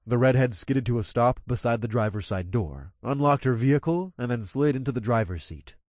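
A man's voice: medium pitch, expressive, brisk, a little mellow, no room sound, clean studio sound. A man reading a first-person action story aloud in a casual, profane manner. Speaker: narrator.

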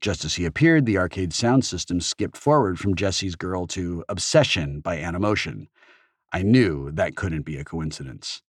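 A man narrating an audiobook in the first person with expressive storytelling. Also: sits low, normal speed, slightly rough, dry recording, studio quality.

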